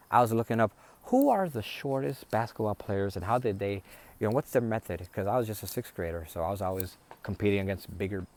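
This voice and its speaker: A man's voice: fairly low pitch, darkish tone. A man telling a personal family story in a rambling, conversational way, full of restarts. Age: adult, a father.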